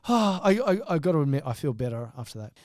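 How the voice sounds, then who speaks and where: A man with an Australian accent, co-hosting a podcast in casual, joking chat and trailing off quietly at the ends of phrases. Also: on the high side, sing-song, brisk, a crowd in the background. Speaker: podcast co-host.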